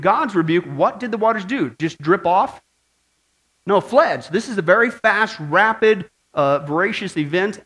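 A man preaching a Bible study sermon, animated and asking his audience questions. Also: high-pitched, moderate pace, poor audio.

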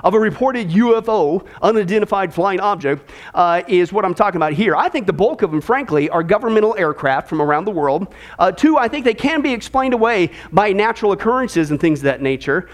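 High-voiced sarcastic male pastor. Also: fairly quick. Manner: animated, sarcastic, repeats phrases. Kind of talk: sermon.

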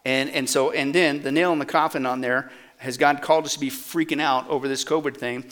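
A man preaching a sermon with lively energy, putting questions to the congregation and answering them himself. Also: medium pitch, fairly quick. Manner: animated, asks the audience questions and answers them. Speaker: pastor.

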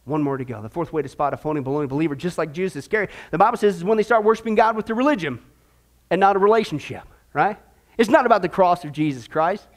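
A man preaching a sermon in an emphatic, animated, rhetorical way. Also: high-pitched.

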